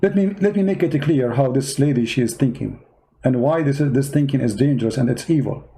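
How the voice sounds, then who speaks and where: A man's voice: mid-range voice, a little fast, mellow, rough recording. A man with non-native English giving online commentary, arguing his point with rhetorical questions. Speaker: Christian commentator.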